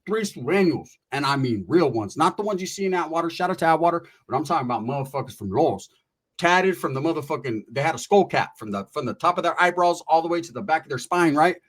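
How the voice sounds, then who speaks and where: A middle-aged man from California telling a casual comic story in an animated, profane and slangy way, with quick asides to the listener. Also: a little high. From Merced, California.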